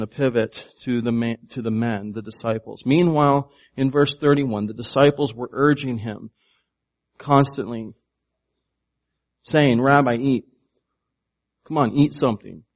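A man's voice: mid-range voice, lo-fi sound. A man preaching a sermon, emphatic and shifting his volume to stress words, often asking his congregation questions. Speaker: pastor.

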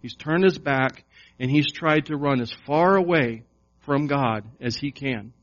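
A man preaching a sermon to his congregation, slow and emphatic, with repeated questions. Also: mid-range voice. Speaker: pastor. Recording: dull lo-fi sound.

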